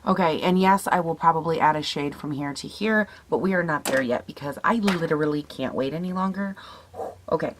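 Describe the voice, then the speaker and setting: A young woman with a raspy morning voice, chatting casually as she tests makeup, swearing now and then and laughing at herself. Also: deep voice, slight background noise. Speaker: beauty vlogger. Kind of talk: casual makeup tutorial chat.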